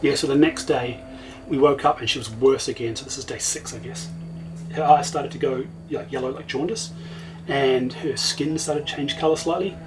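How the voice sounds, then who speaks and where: A middle-aged man tells a story in a relaxed, conversational way. He keeps quoting himself as events unfold, which gives his account a lively, spoken feel. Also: mid-range voice, poor audio. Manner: vivid retelling, often quoting himself. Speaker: interview guest. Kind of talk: casual storytelling.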